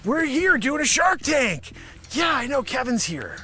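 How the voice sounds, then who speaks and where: A man hosting a live improv comedy show, rambling through a pitchman bit and talking to an imagined panel, now and then bursting into shouts. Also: sing-song, measured pace, slightly rough, soft background music.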